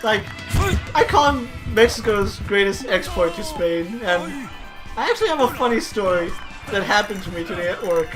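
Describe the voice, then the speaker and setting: A man spinning animated, swear-laced stories in casual chat over a gameplay session, packing his talk with "like". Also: high-pitched, normal speed. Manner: animated storytelling full of "like" fillers, swears freely. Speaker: storyteller co-host of a gameplay video. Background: video game music.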